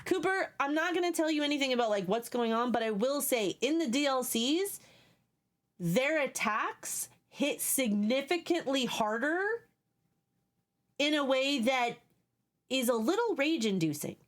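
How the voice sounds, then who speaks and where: A woman's voice: sits high, animated, a little slow. A woman live streaming a video game, chatting casually, swearing at enemies and thanking viewers.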